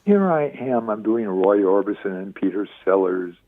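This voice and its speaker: A man's voice: lowish voice, normal speed, dry recording. Older man telling stories down a phone line. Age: 70s. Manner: lively storyteller acting out quoted voices. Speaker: interview guest. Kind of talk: phone-in radio interview storytelling. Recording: tinny dry phone line.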